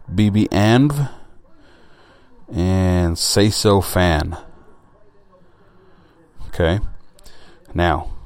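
A man's voice: low voice, darkish tone. A man hosting a solo podcast, talking in a blunt, rambling way and swearing casually. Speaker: podcast host.

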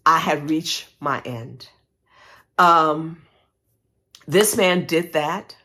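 A woman podcast host telling a personal faith testimony, emotional and animated, breaking into praise. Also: low-pitched, extremely slow.

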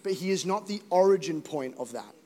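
Young male pastor, high voice, jokey then fervent sermon, long church-hall reverb. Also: a little fast. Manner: animated, joking, rising to emphatic exhortation. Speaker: preacher. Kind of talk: energetic sermon.

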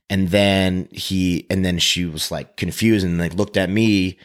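A man's voice: low-pitched, a little slow, few pauses. A man in casual conversation, telling a story animatedly, swearing and acting out what people said. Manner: animated, profane, acts out quotes.

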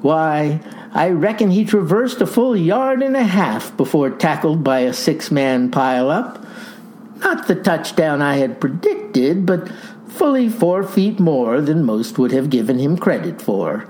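A woman with a low, mellow voice tells a comic story in the first person, leaning on grand words and folksy asides. Her delivery is slow and unhurried, yet her pitch swings widely. A faint hiss of noise sits under the recording. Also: big pitch swings. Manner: mock-grandiose, florid vocabulary, folksy asides.

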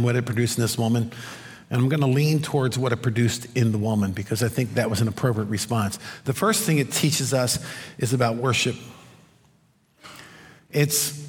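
A man giving a sermon, explaining a passage and asking the congregation rhetorical questions, slowing down to stress key points. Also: mid-range voice. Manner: expository preaching, rhetorical questions, slows for emphasis. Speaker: pastor. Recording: long hall reverb.

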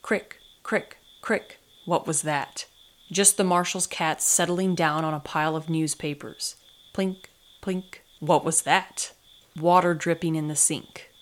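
Woman podcast host reading a book out loud, lowish voice, easygoing recap after. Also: measured pace. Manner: steady storytelling read, then casual recap. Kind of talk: reading a novel aloud and recapping it.

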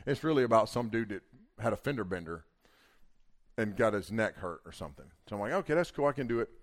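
A man telling a long story in a casual, animated way, acting out the quotes. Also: lowish voice, quick pace.

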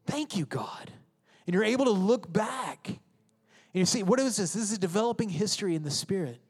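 A man with a high, bright voice preaches from the stage, his words ringing through a reverberant sanctuary. He talks emphatically and conversationally, slipping into the voices and prayers of his congregation. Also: fairly quick. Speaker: pastor. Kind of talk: sermon. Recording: reverberant hall.

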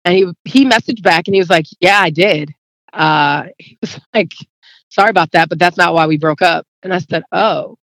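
A woman's voice: lowish voice, moderate pace, fairly bright tone, dry recording. Woman guest, emotional storyteller, voices both sides of the conversation, dry close sound. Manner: rambling, acts out quoted dialogue; emotional, near tears. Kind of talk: casual storytelling.

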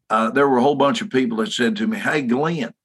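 This podcast guest from Texas, a man in his sixties, speaks quickly in a steady, mid-range voice with a Texan accent. He tells his stories with emphasis and throws rhetorical questions at listeners.

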